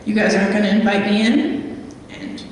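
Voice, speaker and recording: Recorded from far off in an echoey meeting hall, a young woman guest speaker tells a chatty, um-filled story to a live audience at a talk with audience questions. Her medium-pitched voice is flat and moderately paced, with slight background noise.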